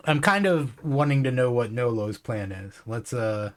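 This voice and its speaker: A man playing a tabletop game at an ordinary pitch, speaking in a measured way. He thinks through his options and asks about the rules. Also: lively intonation. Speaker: player. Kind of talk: casual tabletop game talk.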